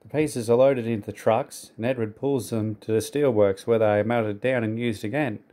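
A man narrating a children's storybook aloud in a steady, clear way. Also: on the low side, moderate pace.

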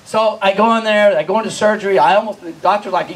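A man doing live stand-up storytelling, animated, laughing often and acting out scenes while quizzing the crowd. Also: sits high, fast talker, poor audio. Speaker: stand-up comedian.

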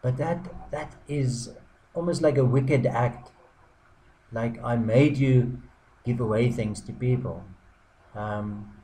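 A man who blogs, delivering a mock apology in deadpan irony, halting with frequent ums and restarts. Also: medium pitch, poor audio. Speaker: blogger. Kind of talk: sarcastic mock apology to camera.

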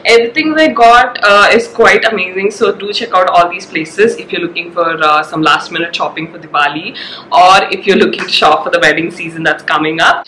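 A woman, nasal from a cold, chatting through a casual shopping haul vlog with many pauses and fillers. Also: fairly low pitch, sharp tone, reverberant, a little hiss or hum, rough recording. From India. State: has a cold. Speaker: shopping vlogger.

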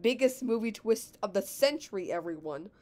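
A woman's voice: mid-range voice, lively intonation, moderate pace, a little mellow. Giggly teen girl reading her fan story. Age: teens. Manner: giggly, self-commenting.

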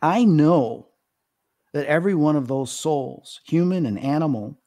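A man's voice: mid-range voice, mellow. A man in his fifties, a guest on a podcast interview, telling stories in an earnest, emotional way with many fillers. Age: 50s. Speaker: psychic medium guest.

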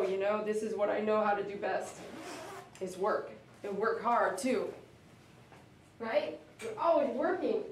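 A woman chatting emotionally with viewers during a live stream while she grooms a dog in her shop. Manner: emotional, chatty, talks to dogs in a high coaxing voice. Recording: echoey room, mic at a distance, faint noise.

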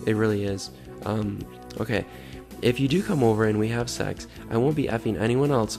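A man's voice: fairly low pitch, normal speed, creaky, darkish tone, faint music behind. A man reading chat messages aloud and adding exasperated, sarcastic comments between them. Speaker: online predator-baiting vlogger.

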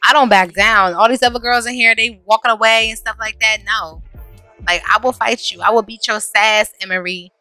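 A combative young woman sim who has been itching for a fight all day, as a woman puts her on. She taunts in repeated streetwise slang, and her voice rings bright and forceful. Everything about her says she won't back down. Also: fairly high pitch, fairly even intonation, moderate pace, dry recording, soft background music. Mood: taunting.

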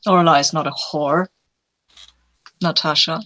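A woman's voice: low-pitched, fairly even intonation, measured pace, sharp tone, no room sound. A woman player speaking as her character in a story game, answering in a dry, unimpressed way.

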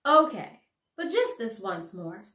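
A woman's voice: mid-range voice, big pitch swings, slow, fairly bright tone. A woman voicing a sassy, unimpressed young country girl who talks in a blunt, folksy, matter-of-fact way, heard in an echoey room.

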